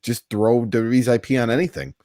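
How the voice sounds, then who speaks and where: A man's voice: mid-range voice, fairly even intonation, fairly quick, mellow, no echo, clean studio sound. A man co-hosting a podcast, going over news items in a casual chat with easy laughs. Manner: reads out news items, then chats with a laugh. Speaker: podcast co-host.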